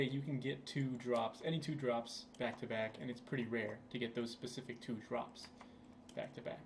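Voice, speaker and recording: Speaking at normal speed in a mid-range voice with fairly even intonation, a young gaming channel host rambles through casual commentary on his gameplay. He records at his computer, stays laid-back and uses many fillers, and a little hiss or hum is audible.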